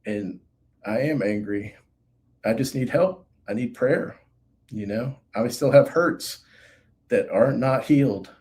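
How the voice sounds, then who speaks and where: Earnest man with a mellow voice. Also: medium pitch. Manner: earnest, halting, many fillers. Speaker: guest sharing recovery story. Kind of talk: reflective personal testimony.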